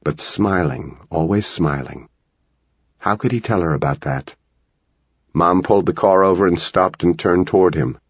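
A man reading a novel aloud as an audiobook narrator, with steady, measured storytelling. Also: sits low, breathy edge, no echo, highs cut off. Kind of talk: scripted narration.

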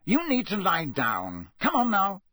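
A man's voice: high voice, wildly swooping pitch, unhurried, sharp tone, dry recording, clean studio sound, voice pushed up, exaggerated voice. A man reading an audiobook, voicing a large, strong man who coaxes insistently. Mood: coaxing. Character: large, strong grown man, gruffly coaxing. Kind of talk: audiobook character voice.

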